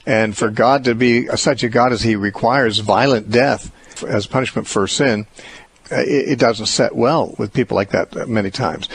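A man hosting a call-in radio show, explaining Bible teaching in a measured, reasoning way with occasional restarts. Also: mid-range voice, breathy edge. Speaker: radio host answering callers.

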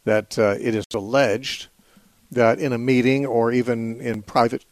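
A man hosting a call-in radio show, answering callers in a measured, thoughtful way with frequent fillers. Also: mid-range voice, steady tone, no room sound. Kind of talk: call-in radio Bible teaching.

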